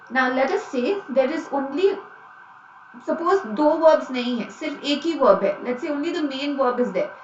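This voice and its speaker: High-voiced Indian teacher woman. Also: slight background noise. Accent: Indian English. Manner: mixes Hindi into English, asks the class questions often. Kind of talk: online grammar lesson. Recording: dull, echoey, a bit distant.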